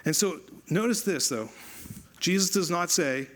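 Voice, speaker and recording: A man preaching a sermon as pastor, conversational and animated, repeating phrases for emphasis. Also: high voice, unhurried.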